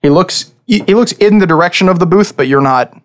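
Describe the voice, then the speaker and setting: A man running a tabletop game as game master, describing scenes with frequent pauses and restarts. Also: high-pitched, lively intonation. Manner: hesitant, with many restarts while describing scenes.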